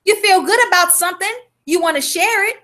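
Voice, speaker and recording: A woman teaching an informal health class, talking in an emphatic, colloquial way and telling animated stories. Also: extremely high pitch, brisk. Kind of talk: informal live class talk.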